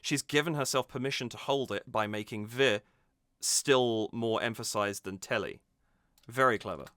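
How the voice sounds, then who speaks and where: A man's voice: mid-range voice, normal speed, fairly bright tone, no room sound, studio quality. A man hosting a music reaction, talking through the song analytically in a thoughtful way, often restarting his sentences.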